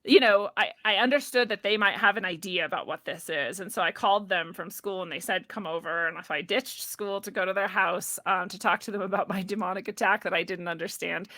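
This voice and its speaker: A woman shares a personal story in relaxed, conversational talk. Her voice is bright and forceful, and the recording is close and dry. She laughs often and slips into the voices of people she quotes. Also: medium pitch, a little fast, few pauses, dry recording. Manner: animated, laughs often, acts out what people said. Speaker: podcast guest.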